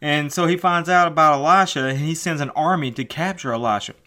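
A man with a somewhat high voice delivers a sermon in an earnest, building way. He often repeats words as he presses his point. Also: fairly quick, sharp tone. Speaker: preacher.

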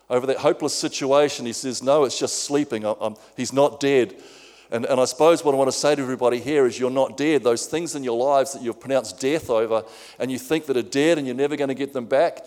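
A man's voice: mid-range voice, a little mellow. Preacher guy giving a sermon, earnest, keeps repeating words, long echo from the hall.

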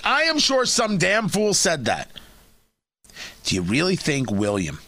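Animated, sarcastic talk radio man. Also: high voice, normal speed, dry recording. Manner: sarcastic, emphatic, repeats and restarts phrases. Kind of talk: opinionated radio commentary.

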